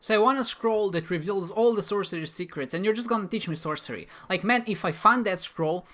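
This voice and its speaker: A gamer and video host with a high, fairly bright voice talks fairly quickly in live gameplay commentary. His tone is playful and self-mocking, and he talks back to the enemies as he plays.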